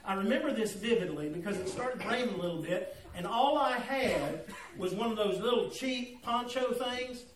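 High-voiced man preaching in an echoey hall. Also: normal speed, hardly any pauses, far from the mic, a little hiss or hum. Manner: folksy, humorous, calls out listeners by name. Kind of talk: storytelling sermon. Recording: echoey room, voice off-mic.

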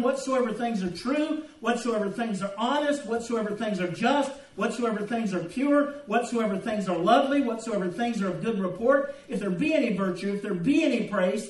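A man preaching a sermon in a church, folksy and joking as he tells anecdotes. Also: very high voice. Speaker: pastor. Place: church sanctuary. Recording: echoey room, distant mic.

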